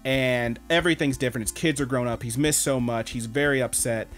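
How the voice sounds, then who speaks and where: A man co-hosting an anime podcast, telling stories in an animated, swearing, casual way. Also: medium pitch, fairly quick, faint music behind. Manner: animated storyteller, swears a lot. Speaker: podcast co-host. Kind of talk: casual chat.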